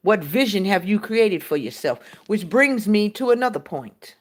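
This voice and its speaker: Lively, frank woman hosting a spiritual talk. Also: medium pitch, normal speed. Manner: frank and profane, with rhetorical questions to listeners. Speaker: podcast host.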